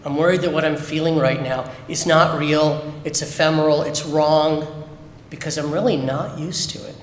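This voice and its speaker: A man speaks openly to a congregation, pressing his points with rhetorical questions in a fairly high voice. His words ring out through a synagogue sanctuary with a long, echoing reverb. A faint room hum sits underneath. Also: steady tone, normal speed. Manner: candid, emphatic, many rhetorical questions. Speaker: speaker at a Shabbat service. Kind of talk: personal testimony talk. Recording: echoey hall with long reverb.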